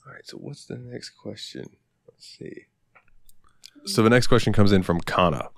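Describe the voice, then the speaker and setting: Man, low voice, crude joking podcast co-host, dry close sound. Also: sing-song, moderate pace, gravelly, no room sound. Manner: crude, joking, swears a lot. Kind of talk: casual chat.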